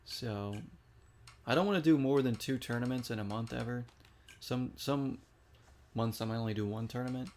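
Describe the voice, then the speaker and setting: A man's voice: mid-range voice, normal speed, darkish tone. A man giving casual, chatty commentary while playing a video game and reacting aloud to each shot. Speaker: gaming streamer.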